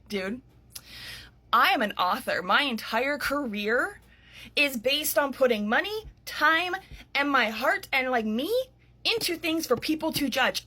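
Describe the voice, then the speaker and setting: Fired-up high bright woman in her thirties. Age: 30s. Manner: indignant, animated retelling. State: worked up. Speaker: author. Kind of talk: vlog storytelling.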